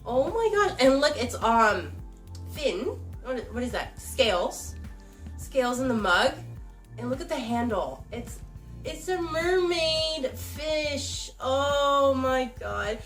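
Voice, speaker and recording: A woman's voice: high-pitched, very animated, slow, fairly bright tone, faint music behind. A young woman YouTuber gushing and giggling as she unboxes a gift on camera at home. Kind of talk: casual emotional unboxing chat. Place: home recording with someone filming. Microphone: camera mic, person filmed by someone else.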